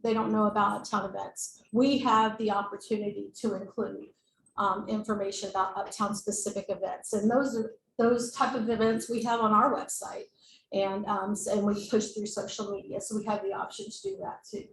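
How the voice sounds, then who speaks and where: A woman's voice: mid-range voice, fairly even intonation, normal speed, creaky. A woman giving a presentation at a board meeting, informal, with fillers and self-corrections. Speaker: staff member presenting to a board. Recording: echoey room mic, faint noise.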